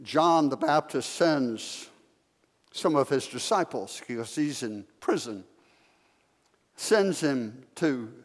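A man's voice: medium pitch, expressive, slow pace. A male pastor preaching a sermon, telling a story and asking the congregation questions. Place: church sanctuary. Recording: long reverb of a sanctuary.

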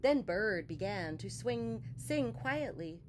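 A woman reading a picture book to children, taking her time over every line. Her voice is lively and swings widely in pitch, and now and then she drops to a soft whisper. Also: a little hiss or hum. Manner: animated, slow and expressive, drops to soft whispers. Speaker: children's story reader. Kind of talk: read-aloud storytelling for children.

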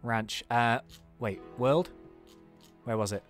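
A let's-play host chatting excitedly through gameplay, laughing often and reacting out loud. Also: mid-range voice, slow pace, faint music behind. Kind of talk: casual gameplay commentary.

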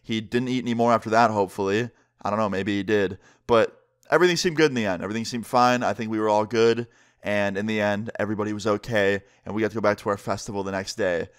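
A man telling a casual story-time vlog in an animated, slangy way, swearing freely. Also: fairly low pitch, fast, smooth. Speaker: storyteller vlogger.

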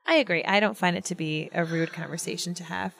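A woman's voice: lowish voice, fast talker, creaky, fairly bright tone. A woman co-hosts a casual live commentary on a TV episode. She is playful and teasing, and she often turns to speak straight to her live audience. Faint music plays behind her. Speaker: podcast co-host.

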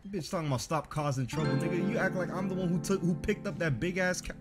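A man's voice: high voice, quick pace. A young man streaming a horror game, giving a profane, jumpy, joking running commentary. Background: game music.

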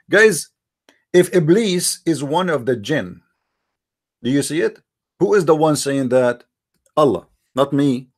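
In a mid-range voice, a man hosts a religious debate over live stream. He takes a mocking, quarrelsome tone and directs a barrage of rhetorical questions at viewers, his English grammar marking him as a non-native speaker.

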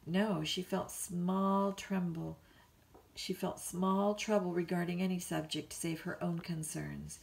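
Low, gravelly-voiced woman storyteller. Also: fairly even intonation, slow pace, low-quality recording. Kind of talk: bedtime story reading.

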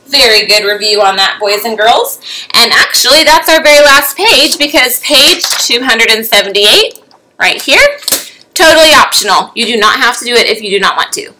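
A woman's voice: on the high side, animated, normal speed, pushed and bright, poor audio. A young adult woman teacher giving a remote lesson to young children, patient, with frequent rising "okay?" checks.

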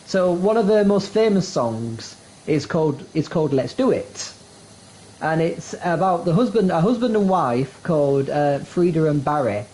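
A man's voice: on the high side, animated, normal speed, warm tone, slight background noise, poor audio. A man co-hosting a casual gaming stream, telling long, rambling stories. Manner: chatty storyteller, rambling. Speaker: co-host.

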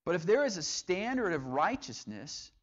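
A man's voice: high-pitched, very animated, moderate pace. A man teaching a sermon, reading scripture aloud and explaining it verse by verse. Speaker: preacher. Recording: dull lo-fi sound.

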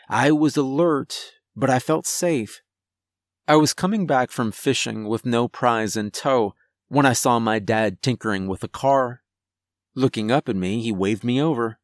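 A man reads a first-person horror story in a measured, somber manner. He takes his time over each line at a middle pitch. The sound is close and completely dry. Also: dry recording. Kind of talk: scripted horror narration.

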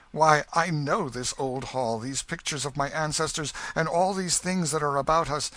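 A man reading aloud gives a passionate young knight, his voice lifted high above the narrator's own and ringing loud. He declaims in archaic phrases and swings between outcry and pleading. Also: no echo, lightly acted. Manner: exclamatory, archaic speech, rising to anguish. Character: impassioned young male knight, homecoming soldier.

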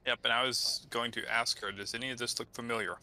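A man at a tabletop game, asking the game master short, matter-of-fact questions. His voice is very bright and sits at a middle pitch. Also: fairly even intonation, fast talker. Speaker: player.

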